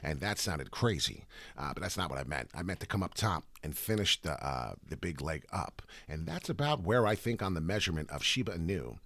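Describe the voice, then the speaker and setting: A man hosting a casual livestream of crypto chart commentary, rambling and swearing freely, with a slightly raspy voice this morning. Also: low-pitched, big pitch swings, a little fast, a bit bright, no echo. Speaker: crypto chart analyst host.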